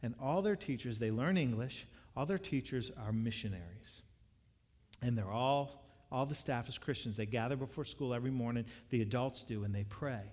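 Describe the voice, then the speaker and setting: A man's voice: mid-range voice, normal speed, a little mellow. Male pastor preaching in a reverberant hall. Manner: conversational storytelling with frequent restarts. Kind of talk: sermon.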